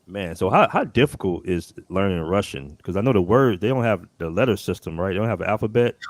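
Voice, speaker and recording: A man hosting a casual interview, asking questions in a relaxed way with frequent short acknowledgements. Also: sits low, a little fast, no room sound. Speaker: interview host.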